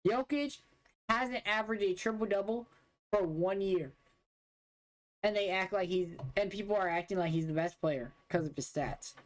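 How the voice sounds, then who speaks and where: A man's voice: high-pitched, normal speed. A young man streamer giving blunt, dismissive, profane commentary while reacting to game footage. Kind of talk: casual livestream commentary.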